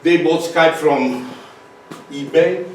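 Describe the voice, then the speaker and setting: A man with a Romanian accent gives a conference talk, pausing on fillers and restarting his sentences. He is picked up from far off in a large, strongly echoing hall. A faint hum of room noise sits under him. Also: fairly high pitch. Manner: halting, restarts, frequent fillers. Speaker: speaker.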